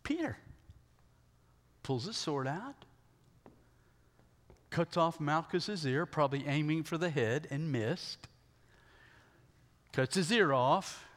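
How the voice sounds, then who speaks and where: A male pastor preaching a sermon, retelling a story emphatically and checking in with the congregation with quick rhetorical questions, in a large hall. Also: a little high, expressive, a bit bright. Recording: long hall reverb.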